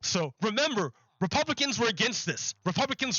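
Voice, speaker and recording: Bright-voiced man doing political commentary. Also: high-pitched, lively intonation, moderate pace, dull audio. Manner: rambling, repeats words, mocking put-on quotes. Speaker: political streamer. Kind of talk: live-streamed political commentary.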